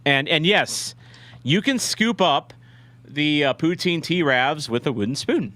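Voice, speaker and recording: Slow, expressive, and fairly high-pitched, the man's voice has a bright, forceful tone in a dry recording. He hosts a livestream watch-along out of St. Louis, USA, chatting loosely and self-deprecatingly with viewers and restarting many times.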